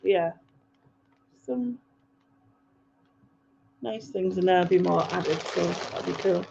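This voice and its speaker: A woman with a lowish, gravelly, slightly mellow voice speaks slowly as she hosts a livestream, rambling casually through viewer comments with lots of ums and laughter. The lo-fi stream audio sounds dull and carries a little background noise.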